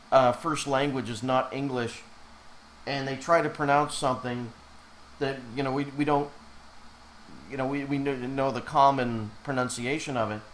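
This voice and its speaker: A man's voice: mid-range voice, fairly bright tone, a little hiss or hum, rough recording. A man who has a cold, chatting casually while streaming live as an animator and reacting to his chat.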